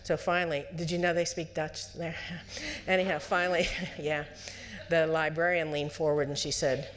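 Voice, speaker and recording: A woman psychologist giving a lecture to parents at a conference, lively and conversational, putting on the voices of parents and children and asking the audience questions. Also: deep voice, normal speed. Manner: asks the audience direct questions.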